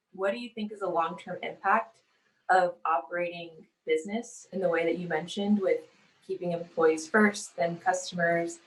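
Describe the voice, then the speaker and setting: A woman's voice: lowish voice, low-quality recording. Curious woman asking a question. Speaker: audience questioner.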